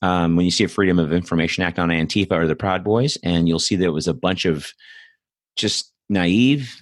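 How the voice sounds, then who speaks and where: Blunt, low-voiced man ranting. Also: brisk, dry recording, clean studio sound. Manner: blunt, profane, rambling with asides and mocking quotes. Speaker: host. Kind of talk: political commentary monologue.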